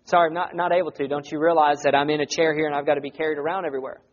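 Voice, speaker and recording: A man's voice: fairly high pitch, level tone, very fast, lightly acted. In a sermon, a preacher puts on a lame man full of excuses, hesitant and apologetic, hurrying his words. The recording is dull and lo-fi.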